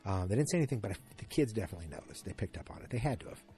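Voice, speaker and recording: A man hosting a solo podcast, retelling a TV episode in a rambling, animated way and acting out the characters' lines. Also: lowish voice, rapid-fire, faint music behind. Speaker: podcast host. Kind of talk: casual solo recap.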